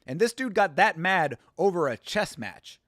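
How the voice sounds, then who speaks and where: A man's voice: high-pitched, very animated, moderate pace, a bit bright, dry recording. Chatty man hosting a stream, dry sound. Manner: chatty, rambling, with restarts and laughs. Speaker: host reading chat on a fight watch-along stream. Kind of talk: casual chat and storytelling.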